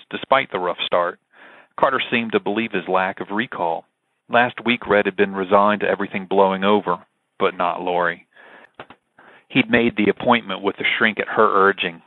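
A man with a very low voice reads fiction steadily. The sound is thin and phone-like, and the recording is dry, with no room echo. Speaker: audiobook narrator. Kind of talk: scripted narration.

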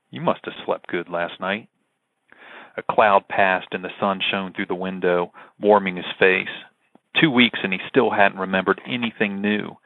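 Low male audiobook narrator, steady, tinny phone-like sound. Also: no echo. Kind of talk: scripted narration.

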